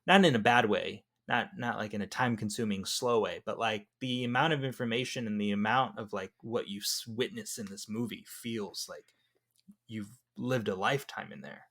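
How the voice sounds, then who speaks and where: A man's voice: on the low side, normal speed, fairly bright tone. A man co-hosting a movie review podcast, talking in an easygoing, reflective way with frequent fillers. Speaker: podcast co-host. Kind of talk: casual movie review chat.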